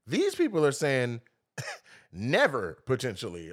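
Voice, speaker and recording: A man co-hosting a casual podcast, teasing and animated, jumping into high exaggerated voices when he quotes people. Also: a little fast. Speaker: podcast co-host.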